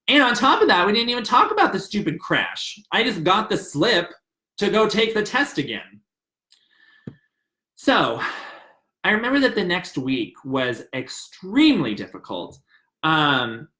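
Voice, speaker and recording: Young man from the South, confessional storytelling, slightly high voice, echoey room. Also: bright, forceful tone. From American South. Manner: earnest, emotional, rambling confessional. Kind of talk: personal story, casual retelling.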